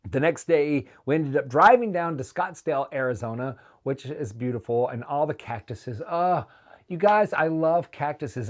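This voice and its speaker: A man telling a travel story in a casual vlog, in an animated, excitable way. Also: mid-range voice. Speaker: touring singer recounting a trip.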